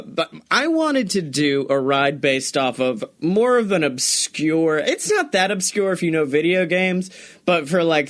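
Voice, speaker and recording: A young man co-hosting a podcast, chatting casually, excited and swearing often, laughing as he talks. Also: a little high. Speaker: podcast co-host. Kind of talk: casual chat.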